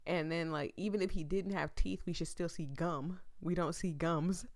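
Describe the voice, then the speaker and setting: A woman's voice: on the low side, steady tone, moderate pace, no echo, studio quality. A woman gaming YouTuber giving casual let's-play commentary, playful and rambling, often breaking into laughter.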